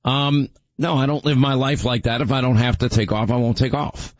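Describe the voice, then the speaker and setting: A man's voice: medium pitch, a little fast, dry recording. Radio host guy with a sore worn-out voice, rambles on, dull dry sound. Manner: rambling, self-deprecating. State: sore, strained voice. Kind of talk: casual chat.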